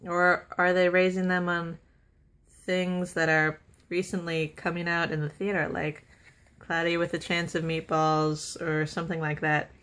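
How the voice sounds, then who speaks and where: Young woman, vlogger, low-pitched voice, enthusiastic, laughs often, chatty with fillers, casual to-camera talk. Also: flat delivery, unhurried, fairly bright tone, clear, resonant tone. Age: young adult. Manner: chatty with many fillers and run-on sentences.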